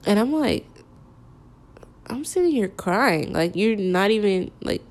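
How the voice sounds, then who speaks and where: A young woman telling a candid personal story in a halting, hesitant way, full of filler words. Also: medium pitch, lively intonation, a little mellow.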